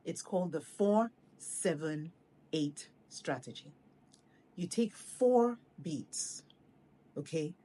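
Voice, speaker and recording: Slow, mellow-voiced woman coaching. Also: deep voice, expressive. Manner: slow, deliberate coaching delivery. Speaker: public speaking coach. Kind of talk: instructional video talk.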